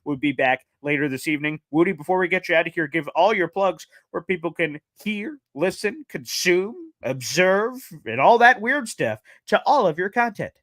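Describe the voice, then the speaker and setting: A man hosts a casual sports podcast in an upbeat, slang-heavy way, full of hyped sign-offs. His voice sits a little high. The sound is dry and close, with no room in it. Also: big pitch swings, normal speed, hardly any pauses, fairly bright tone, dry recording. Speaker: podcast host.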